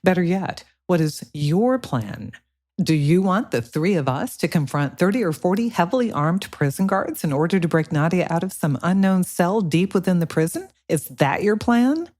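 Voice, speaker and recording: A man voicing a sharp, blunt female attorney in an audiobook, firing off pushy questions. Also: high voice, expressive, moderate pace, pitched above the performer's own voice. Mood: challenging.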